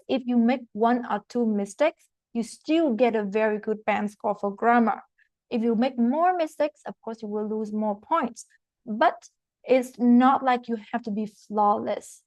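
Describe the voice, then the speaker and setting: This fairly high, slightly mellow female voice belongs to an IELTS teacher with a non-native English accent, leading a recorded online masterclass with no echo. She explains things step by step, uses plenty of fillers, and keeps checking in with "okay?"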